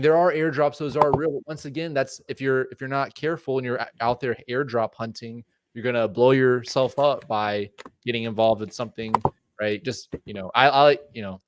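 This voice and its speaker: Man, podcast co-host, smooth voice, dry close sound, passionate rambling rant. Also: medium pitch, dry recording. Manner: passionate, ranting warnings with many fillers. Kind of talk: casual podcast chat.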